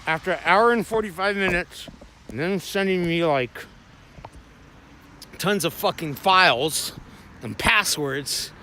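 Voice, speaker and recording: A man's voice: high-pitched, measured pace, pauses often, bright, forceful tone, slight background noise. A man streaming in a heated, rambling, profane rant about his day. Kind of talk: ranting casual storytelling.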